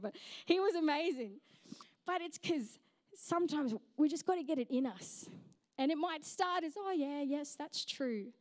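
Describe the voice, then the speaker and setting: A woman's voice: high voice, darkish tone, no echo. A young woman pastor, preaching a sermon and telling a funny story. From Australia. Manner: storytelling, humorous, self-mocking. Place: church stage.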